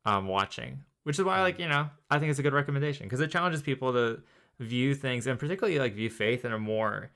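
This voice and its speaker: A thoughtful man co-hosting a podcast, talking through ideas in long, meandering sentences. His voice is smooth and resonant, pitched in the middle. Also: expressive, fast talker, a bit bright. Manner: thoughtful, rambling, many fillers. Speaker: podcast co-host. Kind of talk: casual chat.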